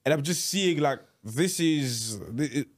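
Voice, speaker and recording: A man's voice: on the high side, animated, unhurried. A man hosting a podcast, talking casually and with animation, full of restarts and "like" fillers. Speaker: podcast host. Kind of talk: casual chat.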